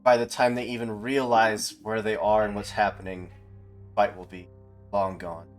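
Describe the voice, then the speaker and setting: A man with a lowish voice runs a tabletop game, narrating scenes and nudging his players along. Faint music plays quietly behind him. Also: level tone, moderate pace. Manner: encouraging, descriptive narration. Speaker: game master.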